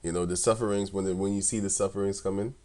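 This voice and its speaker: A man's voice: low voice, steady tone, quick pace, warm tone, a little hiss or hum. A man giving casual scripture commentary, laughing often and speaking in a mocking, scornful, rambling way. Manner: loose and rambling, with many restarts. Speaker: religious commentator.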